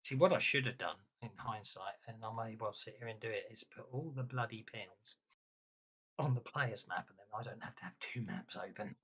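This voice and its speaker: Game master, halting narration, middle pitch. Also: expressive, breathy edge. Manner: rambling, halting, with laughs.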